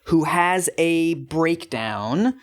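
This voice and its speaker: A man's voice: a little high, animated, drawn-out words. A man co-hosting a podcast, explaining a story in a wry, casual way. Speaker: podcast co-host.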